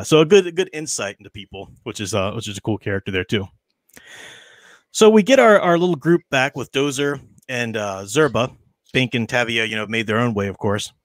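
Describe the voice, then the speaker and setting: A man's voice: medium pitch, a bit bright, dry recording. Guy running a chatty book study, laughs a lot, dry close sound. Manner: chatty, laughs often, restarts and fillers. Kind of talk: casual book discussion with read-aloud passages.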